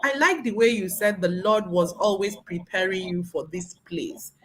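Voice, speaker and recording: A woman hosting an interview show, effusive and animated, laughing often as she talks. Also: medium pitch, moderate pace, rough recording. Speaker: talk show host.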